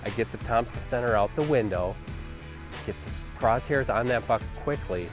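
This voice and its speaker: A male hunting-show host talks through the hunt in a mid-range voice, loose and conversational, with plenty of fillers. He sounds enthusiastic about the animals and the land, and soft music runs beneath him. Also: medium pitch, moderate pace. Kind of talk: reflective interview-style commentary.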